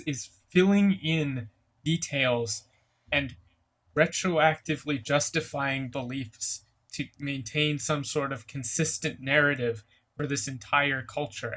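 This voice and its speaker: A man with a bright, forward tone plays at a tabletop game table. He talks casually and questions things with a skeptical edge. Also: mid-range voice, a little slow. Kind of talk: casual play chat.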